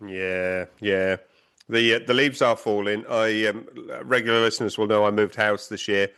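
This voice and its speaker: A man's voice: lowish voice, fairly even intonation, moderate pace, a bit bright, clear, resonant tone. A man co-hosting a casual podcast, chatty and laughing often. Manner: chatty, laughs often, talks while eating. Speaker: podcast co-host. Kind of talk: casual chat.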